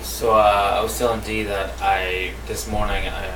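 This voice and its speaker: Animated man telling stories, roomy sound. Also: lowish voice, normal speed. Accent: Hispanic-accented English. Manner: animated storyteller, acts out quoted voices. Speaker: podcast host. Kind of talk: casual comedy podcast banter. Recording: roomy, distant mic with faint noise.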